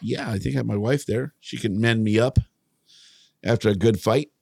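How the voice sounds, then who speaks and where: A man's voice: fairly low pitch, moderate pace, vocal fry, darkish tone, husky, no room sound, studio quality. A man co-hosting a podcast in casual banter, joking and rambling with lots of restarts. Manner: joking, rambling, self-interrupting. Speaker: podcast co-host.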